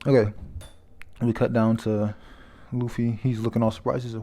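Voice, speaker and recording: A man's voice: medium pitch, little pitch movement, moderate pace, dark tone. Man, chatty, casual comic read-through, stumbles over names, laughs often. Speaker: comic reader and reviewer.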